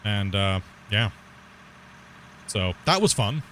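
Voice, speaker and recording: A man's voice: fairly low pitch, expressive, takes it slowly, a bit bright, a little hiss or hum. A man chatting casually while streaming live gameplay, rambling, laughing often and swearing casually.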